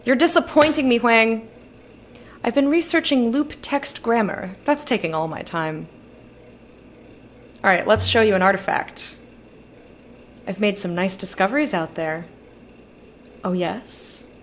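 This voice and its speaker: A woman's voice: medium pitch, a little slow, pauses often. A young woman talks through a video game in a casual, easygoing stream. She reads the characters' lines aloud and muses between them. She is close to a desk microphone with a faint hiss underneath. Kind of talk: casual let's-play commentary.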